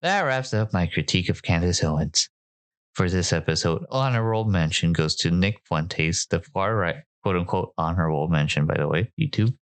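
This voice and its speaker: A man's voice: low-pitched, moderate pace, clear, resonant tone, no room sound. A man hosting his podcast, giving casual, wry commentary and often correcting himself mid-sentence. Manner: wry, self-correcting, chatty. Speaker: podcast host.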